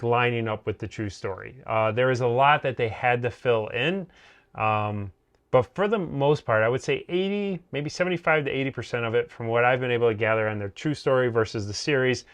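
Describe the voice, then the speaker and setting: Rambling man chatting about a series. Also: medium pitch. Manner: rambling, heavy on fillers and restarts. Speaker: co-host of a TV review show. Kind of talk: casual review chat.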